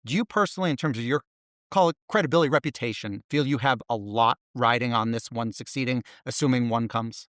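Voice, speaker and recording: Host: man, mid pitch, measured probing interviewer, dry close mic. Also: a bit bright, no echo. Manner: measured, probing questions with pauses. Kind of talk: interview questions.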